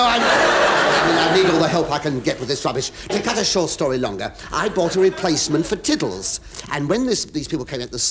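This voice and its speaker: An English comedian hosting a radio show, telling a rambling monologue full of stammers, asides and confiding remarks to the audience. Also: male voice, medium pitch. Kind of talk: stand-up comic monologue to a studio audience. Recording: hissy 1970s radio recording.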